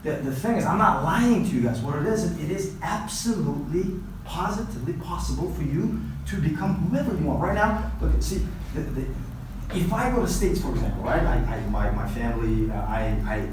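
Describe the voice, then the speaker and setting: A man from Uzbekistan whose first language is Uzbek, giving an animated motivational talk to students that is full of repetitions and questions like "right?". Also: on the high side, normal speed. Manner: animated, repeats himself, keeps asking "right?". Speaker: guest presenter at a language academy. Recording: heavy echo, far from mic, faint noise.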